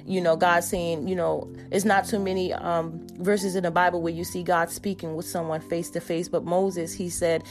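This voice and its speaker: A woman preaching a sermon, reading scripture and retelling it in emphatic, colloquial speech that builds to excited calls. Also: fairly low pitch, moderate pace, few pauses, soft background music.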